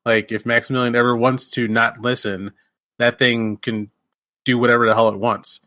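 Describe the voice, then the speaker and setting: Halting man swearing casually on a podcast. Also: medium pitch, little pitch movement, sharp tone, dry recording. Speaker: podcast co-host. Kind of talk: casual movie discussion.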